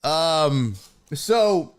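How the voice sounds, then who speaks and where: Very slow and expressive, with a fairly high pitch, this man hosts a live stream podcast. He chats casually and profanely, reads the live chat aloud, and greets viewers by name.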